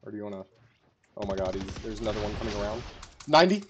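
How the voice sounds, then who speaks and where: A young man giving casual live commentary to a teammate while playing a battle royale game, rambling one moment and shouting callouts the next. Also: fairly low pitch, racing, noisy background. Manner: casual, rambling, bursts into excited shouting in fights. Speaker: gamer streamer.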